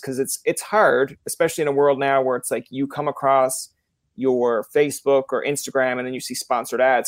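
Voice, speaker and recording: A Newfoundland man hosts a relaxed interview, talking in long, looping, chatty stories. His voice sits at a middle pitch for a man and is recorded close and dry, with no room around it. He often drops into playful quoted voices mid-story. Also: no echo. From Newfoundland, Canada. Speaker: podcast host. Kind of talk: casual interview chat.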